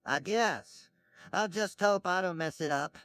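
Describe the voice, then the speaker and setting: A jittery chain-smoking neighbor. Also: male voice, sits high, measured pace, a bit bright, dry recording, clean studio sound. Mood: plain. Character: nervous, twitchy middle-aged chain-smoking neighbor. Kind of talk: synthetic parody cartoon voice.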